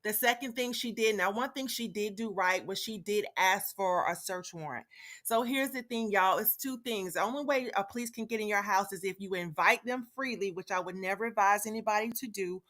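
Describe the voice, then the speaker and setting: A woman's voice: medium pitch, brisk, a bit bright. A woman hosting a live stream, talking straight to her viewers in a chatty, casual way with frequent fillers. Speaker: livestream host.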